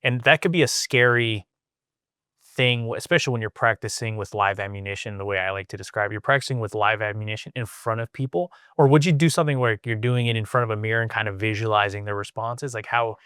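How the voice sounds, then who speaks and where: A man's voice: fairly low pitch, fast, sharp tone, smooth, no echo, clean studio sound. A man co-hosting a podcast who asks long, thoughtful questions. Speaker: podcast co-host. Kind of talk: casual podcast conversation.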